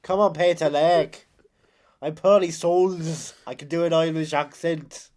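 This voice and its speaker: A man putting on a loud, slow, overblown impression of a boastful male movie star playing a villain. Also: fairly high pitch, expressive. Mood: hammy.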